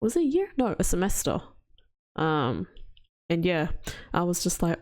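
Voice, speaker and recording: A woman's voice: fairly low pitch, sing-song, moderate pace, pauses often, a little mellow. A woman streaming a game, chatting casually with frequent laughs and a chatty, rambling manner. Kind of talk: casual livestream chat.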